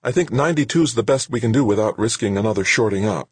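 A man voicing a brisk female technical assistant reporting readings. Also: fairly low pitch, animated, husky, no echo, pitched above the performer's own voice. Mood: tense.

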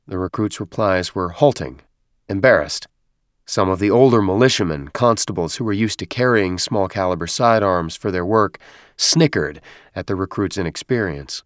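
A male narrator reads a story aloud in a low, steady voice. His delivery is even and measured. The sound is dry and close to the mic. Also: dry recording. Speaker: audiobook narrator. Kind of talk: scripted narration.

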